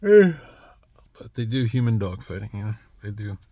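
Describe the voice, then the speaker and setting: A man's voice: fairly low pitch, very animated, normal speed, warm tone, no echo. A man in his thirties talking in a rambling monologue, restarting his sentences and coughing between phrases. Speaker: vlogger.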